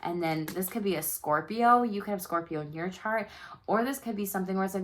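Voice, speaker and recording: A woman's voice: medium pitch, brisk. A woman doing a casual tarot reading, chatty and loose, full of fillers and the odd swear word. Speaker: tarot reader.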